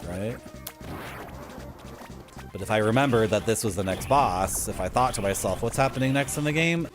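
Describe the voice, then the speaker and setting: Chatty low-voiced streamer with game music. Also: male voice. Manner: chatty, self-mocking, talks to chat. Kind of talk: casual gameplay commentary. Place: home streaming room with a game shelf. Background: retro game music.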